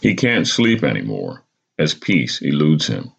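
A man hosting a podcast, narrating a dramatic story in a measured storytelling voice, on a slightly dull recording. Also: rumbling low, huge pitch swings, vocal fry, a bit bright, slightly rough. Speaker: podcast host.

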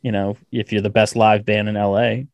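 A man's voice: lowish voice, flat delivery, a little fast, creaky, no echo, lo-fi sound. A man hosting a podcast interview over a video call, enthusiastic and laughing often. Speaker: podcast host. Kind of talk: casual interview chat. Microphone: video call recording.

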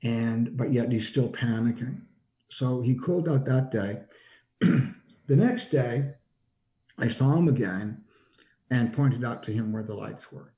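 A man recounting a personal experience in conversational storytelling, halting and full of repeated restarts. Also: mellow. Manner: acts out quoted lines with shifts in pitch.

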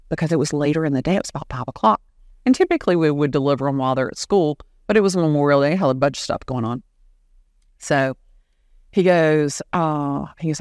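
Animated woman telling a story. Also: sits low, normal speed, no echo, clean studio sound. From Southern US. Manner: animated, acts out quoted dialogue. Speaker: guest, real estate agent. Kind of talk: storytelling in an interview.

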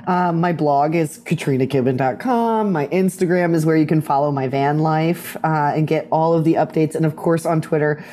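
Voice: medium pitch, normal speed, hardly any pauses. A guest in a casual interview, telling stories animatedly and acting out the voices of others. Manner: animated storyteller who acts out quoted voices.

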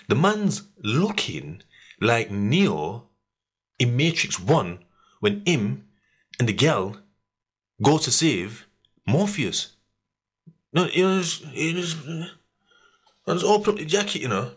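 A young man, hosting a podcast and telling a story in slangy, animated casual chat, laughing often and acting out what people said. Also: mid-range voice, unhurried, pauses often, breathy edge. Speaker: podcast host.

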